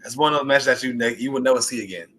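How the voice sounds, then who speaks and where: A young man, an indie wrestler, talking excitedly and rambling about his favorite matches in a casual interview. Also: mid-range voice, very fast, slight background noise. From US Gulf Coast. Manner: animated, rambling, excited storytelling.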